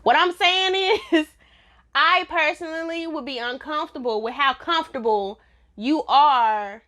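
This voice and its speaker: A woman's voice: high voice, a little slow, sharp tone. A woman giving a casual, blunt TV review in a vlog, laughing often. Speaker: TV show reviewer.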